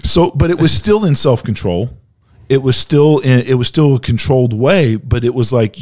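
Animated man in church talk. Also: mid-range voice, normal speed. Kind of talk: church podcast conversation.

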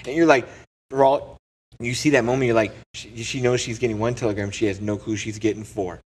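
A man's voice: medium pitch, fairly even intonation, brisk, husky. A man in casual conversation about films, emphatic and vivid in his retelling. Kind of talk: casual movie chat.

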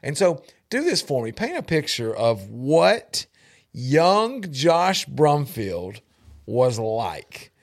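A middle-aged man, hosting a casual chat and telling animated family stories full of laughter and restarts. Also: medium pitch, slow pace, creaky. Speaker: podcast host.

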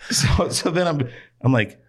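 A man's voice: on the high side, unhurried, slightly rough. A man, a restaurant owner guest, telling stories in casual podcast chat and acting out other people's lines. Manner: animated storyteller, acts out quotes.

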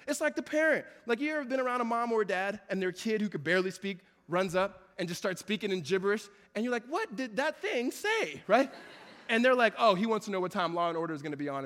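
A man's voice: high-pitched, fairly bright tone, big-room sound. A man preaching a sermon as pastor, building intensity and repeating phrases for emphasis. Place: church sanctuary.

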